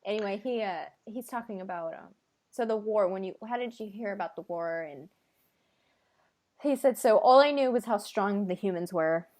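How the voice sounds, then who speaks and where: A woman's voice: mid-range voice, moderate pace, a little mellow. Woman on a video call, laughing often. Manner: retells the guest's words, laughs often. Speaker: host relaying a channeled guest's words. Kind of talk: casual chat on a video call.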